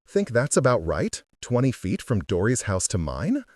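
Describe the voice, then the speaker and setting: A man reading a gentle, kind teen girl. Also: mid-range voice, huge pitch swings, normal speed, no room sound, clean studio sound.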